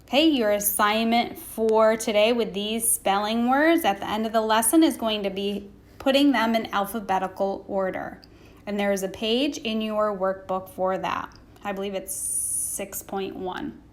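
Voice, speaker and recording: A woman teaching a recorded phonics lesson to young children, sounding out words slowly and patiently, asking questions and waiting for answers. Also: mid-range voice. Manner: slow, sounding out words letter by letter.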